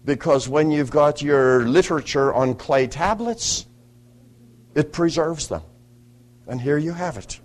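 A man's voice: a little high, measured pace. A man leading morning devotions as a preacher, explaining scripture in a devotional teaching talk with explanatory asides.

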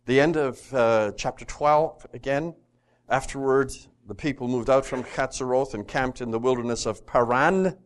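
A man's voice: medium pitch, moderate pace. A man teaching a Bible study, reading scripture aloud and putting questions to his listeners. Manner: lively, asks the class questions, reads scripture aloud.

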